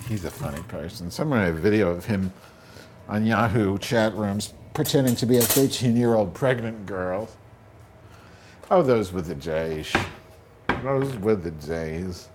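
A man's voice: on the low side, slight background noise. A man rambling through a crude, self-mocking monologue from a home bathroom.

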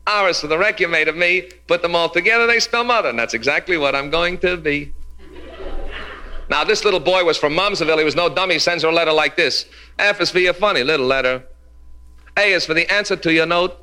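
A man's voice: fairly high pitch, fast, sharp tone, smooth. Brash man doing stand-up jokes. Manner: brash, teasing audience banter with Yiddish punchlines. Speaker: stand-up comedian. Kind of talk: nightclub stand-up routine. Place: live club before an audience.

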